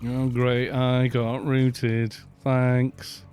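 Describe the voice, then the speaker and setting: A middle-aged man from Wales with a mixed, softened Welsh accent, chatting casually on a gaming live stream, laughing often and grumbling at other players. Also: medium pitch, completely flat delivery, drawn-out words, soft background music. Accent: mixed British with softened Welsh. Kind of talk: casual live-stream chat while playing.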